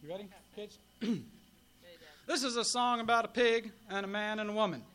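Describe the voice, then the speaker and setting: A man's voice: high-pitched, steady tone, moderate pace, a bit bright. A man performing folk songs live for an audience with children and chatting between songs. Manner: sings ballads and a children's sing-along, talks to kids between songs. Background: guitar accompaniment.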